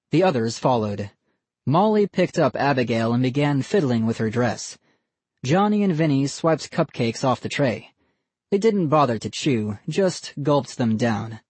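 An expressive audiobook narrator reading a spooky children's story aloud and giving every character a voice. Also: medium pitch, breathy edge, no echo. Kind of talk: scripted narration.

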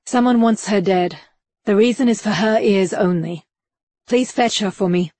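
A woman voicing a stern, urgent Victorian gentleman who talks in terse commands. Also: medium pitch, normal speed, no room sound, natural voice.

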